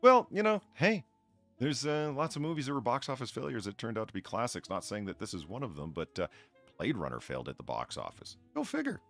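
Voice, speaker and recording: A male host chats on a livestream, reading viewer comments with a wry, profane edge. His voice is medium in pitch but rises and falls a lot, with faint music underneath. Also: wildly swooping pitch, fairly quick, fairly bright tone. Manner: wry, profane, reads chat comments aloud. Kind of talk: casual chat on a livestream.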